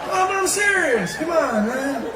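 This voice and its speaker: A man's voice: very high voice, big pitch swings, normal speed, distant mic, over a noisy crowd, heavy background noise, pitched above the performer's own voice. A comedian impersonating an old male politician who mumbles and repeats himself insistently. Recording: echoey live club recording, loud audience.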